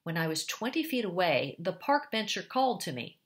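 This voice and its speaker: Low-voiced woman narrating a story. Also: big pitch swings, moderate pace. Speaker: audiobook reader.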